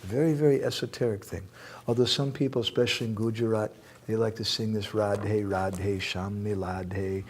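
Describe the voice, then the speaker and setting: Lively man giving a spiritual talk. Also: on the low side, moderate pace, a little hiss or hum. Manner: animated, quotes verses, jokes and laughs. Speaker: speaker answering questions. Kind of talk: spiritual lecture with Q&A. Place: temple hall.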